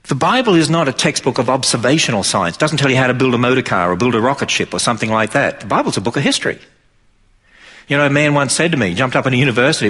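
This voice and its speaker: Husky-voiced man preaching emphatically. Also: mid-range voice, animated, fast talker, fairly bright tone. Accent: Australian. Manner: emphatic, rises sharply for mocking quotes. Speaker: Christian speaker. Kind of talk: preaching talk to an audience.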